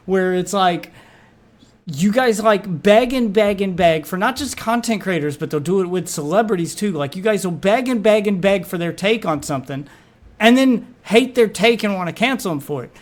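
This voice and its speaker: A man streaming live, reacting to a video with offhand, profane asides. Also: high voice. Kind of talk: casual live reaction commentary.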